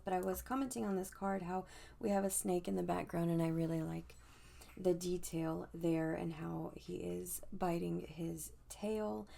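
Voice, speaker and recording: A woman's voice: lowish voice, level tone, a little slow, gravelly, darkish tone. A woman tarot reader chatting casually as she reviews a deck, musing aloud and often restarting her sentences. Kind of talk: casual chat.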